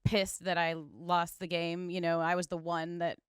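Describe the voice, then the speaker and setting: A woman's voice: fairly low pitch, monotone, moderate pace, clear, resonant tone, no echo, clean studio sound. A woman co-hosting a podcast, chatting supportively and laughing easily. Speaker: podcast co-host. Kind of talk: casual chat.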